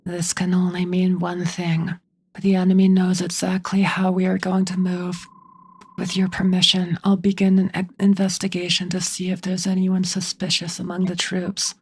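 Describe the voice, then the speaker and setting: A woman puts on a young male tactician as a shambling zombie, whispering in a hollow, voiceless hush. The voice sounds drained of life. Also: fairly low pitch, completely flat delivery, moderate pace, breathy edge. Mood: eerie.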